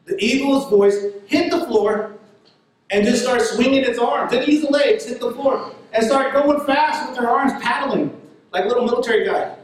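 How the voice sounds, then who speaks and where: High-voiced preacher in an echoing hall. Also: male voice, normal speed, far from the mic. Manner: animated storytelling, laughs while telling. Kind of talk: sermon storytelling.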